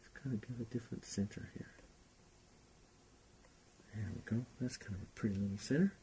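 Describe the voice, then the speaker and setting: A man's voice: fairly low pitch, fairly quick, dark tone, a little hiss or hum. A man teaching a painting class, talking unhurriedly and thinking aloud as he paints. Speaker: painting instructor. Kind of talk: relaxed painting demonstration.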